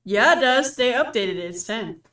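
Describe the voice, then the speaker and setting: A woman's voice: on the high side, expressive, moderate pace, a bit bright, far from the mic. A woman co-hosting a live painting stream, teasing and reading viewer chat aloud. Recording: echoey room, away from the mic.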